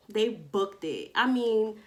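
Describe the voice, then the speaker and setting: A woman from Long Island, casually telling a storytime vlog to camera at home, slangy and animated, acting out bits of dialogue. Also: medium pitch. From Long Island, New York. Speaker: vlogger. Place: indoors at home, daytime.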